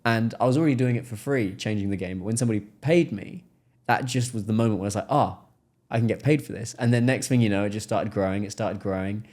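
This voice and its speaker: In a casual interview, an English podcast guest tells a story quickly in a slightly low, somewhat mellow voice. He's energetic and often acts out the people he quotes.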